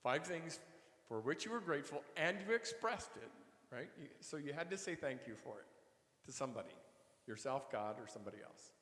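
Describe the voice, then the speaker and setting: A man's voice: mid-range voice, expressive, brisk, a bit bright. A man, a minister reading the gospel and preaching a homily in a conversational way, asking the congregation questions and often repeating his words. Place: church. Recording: echoey church hall reverb.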